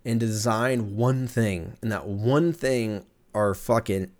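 A man's voice: fairly low pitch, takes it slowly. Profane joking young man on a podcast. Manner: profane, joking, animated, laughs often. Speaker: podcast host. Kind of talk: casual solo podcast rant.

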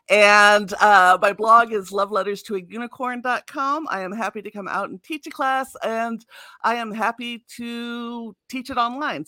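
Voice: mid-range voice, pushed and bright, no echo, studio quality. A podcast guest giving upbeat self-promotion in an interview.

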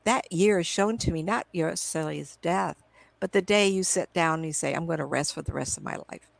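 A woman's voice: fairly low pitch, brisk, creaky, dry recording, poor audio. A middle-aged woman, a psychic medium, chatting through a video call in a rambling way and quoting her own past conversations. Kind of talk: casual storytelling in a live video interview. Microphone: computer video call.

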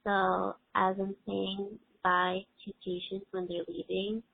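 A woman calling in from work, speaking in an unhurried, flat manner. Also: medium pitch, creaky, breathy edge, dry recording. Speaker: caller leaving a voicemail. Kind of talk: casual chat. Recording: tinny phone line.

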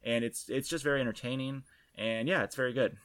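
A man co-hosting a podcast speaks in a steady, mid-range voice that's a bit bright and a little fast. He rambles casually, with many restarts and fillers.

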